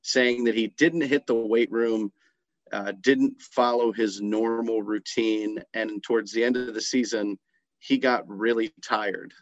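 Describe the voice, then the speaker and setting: A man with a lowish voice co-hosting a casual sports podcast, laying out his case earnestly. The recording is dull and lo-fi, with a dry, close sound. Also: steady tone, measured pace, dry recording. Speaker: podcast co-host.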